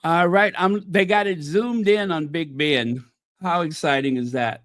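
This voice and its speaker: A man chats on a livestream in a high voice, unhurried but easily excited. He greets viewers by name and laughs often, and the sound is dry and close, with no room echo. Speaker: livestream host. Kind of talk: casual live-stream chat.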